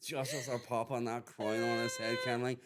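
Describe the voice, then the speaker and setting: Fast-talking man, sweary and joking. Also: mid-range voice, little pitch movement, background noise. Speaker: podcast guest. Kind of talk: casual chat.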